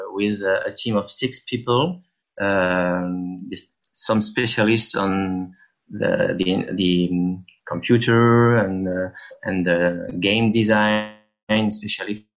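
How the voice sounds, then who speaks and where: A middle-aged man from France with a French accent, answering interview questions in a halting, hesitant way. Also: deep voice, fairly bright tone, dull audio. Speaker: guest.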